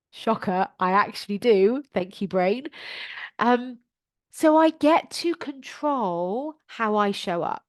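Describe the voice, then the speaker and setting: A woman, a life coach, hosting her podcast in an animated motivational style and acting out her own inner voice. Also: medium pitch, no room sound, studio quality.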